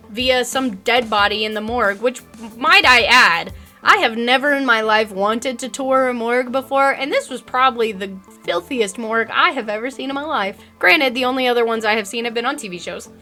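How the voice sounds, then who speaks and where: A chatty woman rambles and jokes through her horror game let's play. Her voice sits high and bright, with faint music running underneath. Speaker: gamer.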